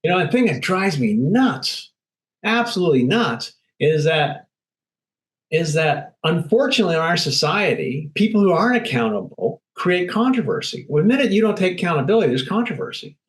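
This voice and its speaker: Male interview guest, blunt and emphatic, higher-pitched voice. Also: big pitch swings, moderate pace, low-quality recording. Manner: blunt, emphatic, acts out quotes. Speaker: guest speaker. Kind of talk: candid interview talk.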